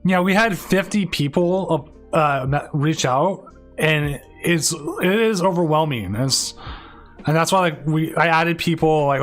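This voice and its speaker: Man, stream host, fairly high voice, rambling casual talk, fillers, faint music behind. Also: measured pace. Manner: rambling, many restarts and fillers. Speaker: tournament stream host and caster. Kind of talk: casual live-stream commentary.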